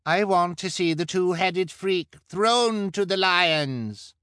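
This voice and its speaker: A man voicing a bloodthirsty woman in a carnival crowd, speaking shrilly and slowly in an audiobook. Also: high-pitched, bright, forceful tone, clear, resonant tone, no echo, studio quality, voice pushed up, heavily acted. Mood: gleeful. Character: bloodthirsty woman with dyed hair.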